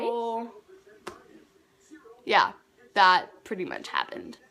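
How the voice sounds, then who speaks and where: A woman's voice: mid-range voice, lively intonation, unhurried, pauses often, a bit bright. A teenage girl telling a story to camera at home in a casual, chatty way, acting out what people said. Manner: chatty, acts out quoted dialogue. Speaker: vlogger.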